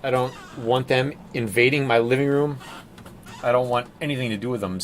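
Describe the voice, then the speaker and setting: A man's voice: medium pitch, fairly even intonation, a little fast. A man chatting casually and rambling with jokes as he paints on a live stream, calling his viewers "team".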